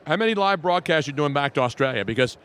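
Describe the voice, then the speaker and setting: A man's voice: a little high, lively intonation, very fast, fairly bright tone. Teasing male radio host. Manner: joking, teasing, mock-outraged. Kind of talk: casual radio chat. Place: busy outdoor broadcast row.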